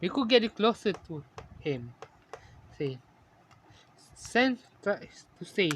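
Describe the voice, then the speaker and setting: Slow, halting male fan-story narrator. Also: sits high, very animated, slight background noise. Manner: halting, ungrammatical, self-correcting.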